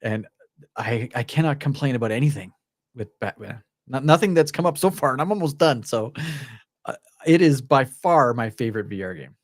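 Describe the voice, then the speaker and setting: A man co-hosting a VR gaming podcast, chatting casually with lots of excitement and some swearing. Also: medium pitch, moderate pace, no echo, clean studio sound. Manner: excitable and effusive, swears freely. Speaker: co-host of a VR gaming show.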